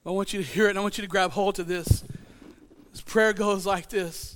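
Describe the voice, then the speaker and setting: A man preaching a sermon in church, building to shouted fervor. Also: sits high, fairly even intonation, a little fast. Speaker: pastor.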